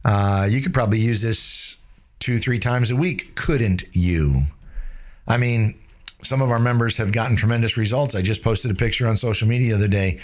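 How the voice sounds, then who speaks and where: A man teaching sales closing techniques in an energetic coaching style, sprinkling tag questions and swinging his tone up and down to demonstrate. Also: moderate pace. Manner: changes pitch and tempo to demonstrate. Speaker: sales trainer. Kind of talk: instructional talk.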